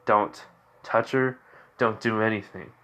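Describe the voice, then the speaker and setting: A man voicing a quiet, coldly menacing teenage boy who speaks in low, flat threats, close to his own voice. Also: unhurried.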